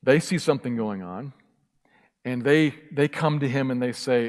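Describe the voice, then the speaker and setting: A man's voice: mid-range voice, moderate pace. A man preaching a sermon as pastor, emphatic and impassioned, repeating key phrases. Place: church sanctuary. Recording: church hall reverb.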